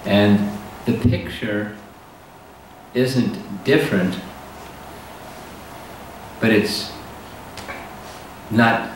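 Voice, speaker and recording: A man with a somewhat low voice teaches scripture slowly and deliberately, pausing often between phrases. He sounds far from the microphone, in a strongly echoing hall with a faint hiss behind him. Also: fairly even intonation. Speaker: spiritual teacher. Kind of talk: scripture lecture.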